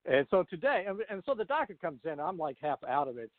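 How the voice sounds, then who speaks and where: Guy cohosting talk radio over a phone line, bit high voice, chatty, dry tinny sound. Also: fairly quick, no echo. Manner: chatty storyteller, animated retellings. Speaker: radio show co-host. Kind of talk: casual political talk radio chat.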